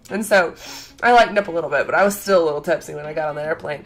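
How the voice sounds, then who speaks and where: A young woman chatting to camera in a casual vlog, bubbling over with excitement and acting out what everyone said. Her voice sits at a middle pitch. Faint music plays under her talk. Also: very fast. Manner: chatty and excitable, many fillers and acted-out quotes. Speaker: vlogger.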